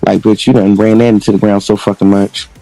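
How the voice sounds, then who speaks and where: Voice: low-pitched, flat delivery, brisk, creaky, mellow, no room sound, soft background music. A livestream host giving brash, profane commentary in a campy, slangy way.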